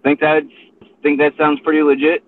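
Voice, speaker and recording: A man's voice, on the high side and completely flat in delivery, comes through tinny phone-line audio at normal speed. He's a host and rideshare driver chatting casually from his car between pickups, rambling easily and saying "dude" a lot.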